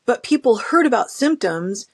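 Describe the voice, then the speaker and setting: Animated middle-aged woman telling stories. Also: a little high, moderate pace, dry recording, studio quality. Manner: animated storytelling, acting out quoted people. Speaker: podcast guest. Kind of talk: casual conversational interview.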